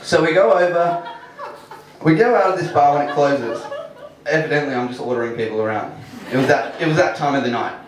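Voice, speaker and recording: Background noise accompanies a man with a slightly high voice who speaks fairly quickly as he tells an amusing personal story live on stage. Relaxed and self-mocking, he laughs through it, heard from afar in the echoey hall of a storytelling venue with an audience.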